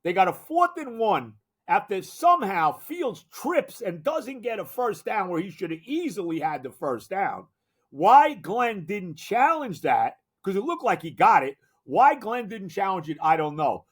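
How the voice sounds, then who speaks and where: A man's voice: sits high, very animated, normal speed, slightly rough. An older man hosting a sports podcast, ranting in an exasperated, emphatic way and repeating himself. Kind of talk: solo sports rant.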